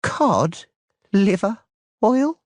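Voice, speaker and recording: A man voicing a hot-tempered male halfling merchant who talks in an exasperated, shouting way. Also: high voice, wildly swooping pitch, measured pace, no echo, studio quality, pitched above the performer's own voice, exaggerated voice.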